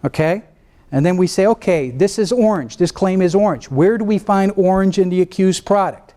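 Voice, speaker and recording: Male guest lecturer in law, fairly high voice, casual and talky, restarts sentences, keeps asking the room if they follow. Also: moderate pace, dark tone. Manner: conversational, checks in with listeners often; restarts and trails off mid-thought.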